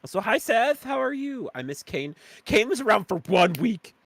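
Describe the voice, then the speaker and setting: A man's voice: normal speed, vocal fry, no room sound. Playful male streamer chatting. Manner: playful, greets chat, jumps up in pitch when excited. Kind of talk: casual chat on a game stream.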